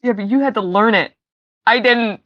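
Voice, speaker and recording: A woman's voice: on the high side, normal speed, dry recording, lo-fi sound. Woman, casual streamer chat, rambling, loose, swears freely, close dry mic. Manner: rambling, frequent fillers and laughs, swears casually. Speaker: tabletop game player.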